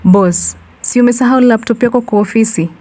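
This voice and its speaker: A woman voicing a joking male security guard who talks in a quick, casual way. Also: on the low side, fairly even intonation, warm tone, natural voice.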